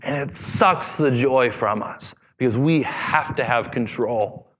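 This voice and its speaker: A male pastor in his thirties preaching in a loose, joking, conversational way, his voice at an ordinary middle pitch. The words ring out with a long reverb across a large church auditorium. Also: slow pace, a bit bright. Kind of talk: sermon.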